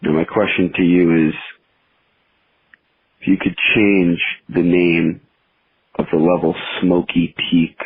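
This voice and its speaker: A man's voice: low voice, vocal fry, slightly rough, full character voice. A man voicing a grumpy, crude old male crank caller who insults and complains. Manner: insulting, complaining, mock-angry. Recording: tinny phone-line recording.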